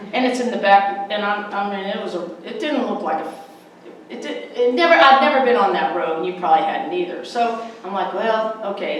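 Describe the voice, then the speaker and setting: A woman gives a Sunday talk in a church, lively and anecdotal, putting on voices for the people in her stories. Her voice is picked up from some way off in a very reverberant sanctuary. A faint hum of the room sits behind her. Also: mid-range voice. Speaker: guest speaker. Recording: echoey hall, mic from far off.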